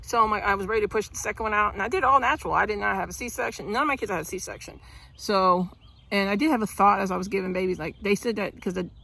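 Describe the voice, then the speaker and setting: A woman's voice: mid-range voice, fast talker, vocal fry, sharp tone, rough recording. A middle-aged woman telling her own birth story in a casual vlog, rambling with restarts and sighs.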